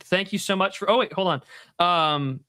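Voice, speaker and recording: A man's voice: high voice, moderate pace, pushed and bright, smooth. A man hosting a casual livestream, joking and swearing as he reads viewer messages aloud. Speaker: host.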